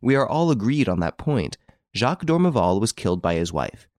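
A man reading the lines of a calm, composed gentleman who quietly takes charge, with a gentle, insinuating manner. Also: on the low side, brisk, dry recording, studio quality. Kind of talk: audiobook character reading.

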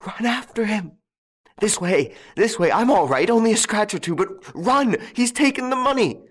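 A frantic old farm woman stammers out breathless pleas in a high, strained voice, as a male narrator puts her on. His low voice climbs well up into a thin falsetto-like register. It is an audiobook character voice. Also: expressive, normal speed, fairly bright tone.

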